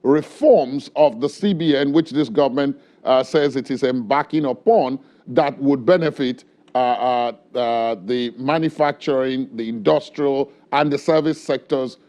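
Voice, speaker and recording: A man hosting a television interview, putting long questions slowly with many hesitations. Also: mid-range voice, warm tone. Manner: deliberate, hesitant with many fillers. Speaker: TV news interviewer.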